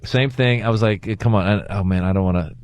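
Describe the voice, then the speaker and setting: A man's voice: on the low side, brisk, darkish tone, smooth. A man appearing as a comedian guest on a radio show, telling a story in a rambling, self-correcting way. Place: radio studio.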